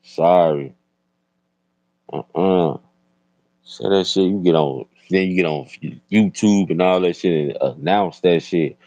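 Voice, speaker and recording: A man with a Chicago accent hosting a casual livestream chat, telling stories in a loud, profane way. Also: low voice, slow pace, no echo, highs cut off. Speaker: host.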